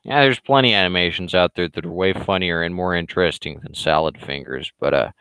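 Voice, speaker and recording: A man's voice: sits low, fairly quick, few pauses, fairly bright tone, clean tone, no room sound. A man with a slightly scratchy throat, hosting a live show with sarcastic, rambling commentary and casual swearing.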